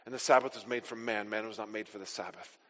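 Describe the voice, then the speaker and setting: A man preaching a sermon as pastor, emphatic, building to forceful declarations. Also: fairly low pitch, fairly even intonation, fast talker. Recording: long hall reverb.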